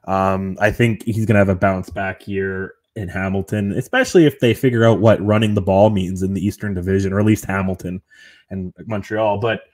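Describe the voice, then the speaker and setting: A man's voice: low-pitched, fairly even intonation, a little fast, darkish tone. A man talking casually on a sports podcast, rambling and self-deprecating, restarting often. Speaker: podcast co-host.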